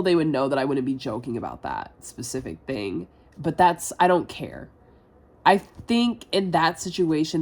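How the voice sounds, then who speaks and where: Rambling young woman venting to camera. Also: low-pitched. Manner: rambling, self-deprecating, heavy filler words and swearing. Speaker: vlogger. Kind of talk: rambling confessional vlog.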